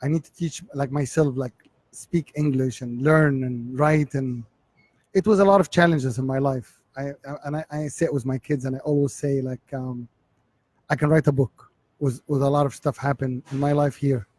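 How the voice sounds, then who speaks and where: An Egyptian man in his forties, speaking with an Egyptian accent, recounts his life story as an interview guest. He halts and repeats words while searching for the English. His voice is medium-pitched and a little mellow, with fairly even intonation.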